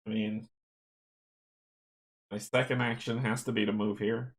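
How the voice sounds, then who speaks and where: A man's voice: fairly low pitch, little pitch movement, measured pace. Guy chatting thru a solo board game, reads card text, chuckles, roomy echo. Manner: chatty, chuckling, talks to himself. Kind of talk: playthrough narration, reading game text aloud.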